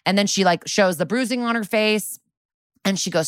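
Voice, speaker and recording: A woman co-hosting a podcast who recaps a TV episode in a lively way, acting out quoted lines and swearing freely. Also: mid-range voice, moderate pace, no room sound, studio quality. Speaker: podcast co-host.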